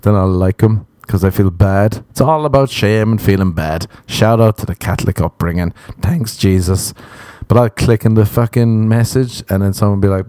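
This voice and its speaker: A young Irish man doing a comic monologue on a podcast, swearing freely and mocking himself in an animated rant. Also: lowish voice, normal speed, no echo.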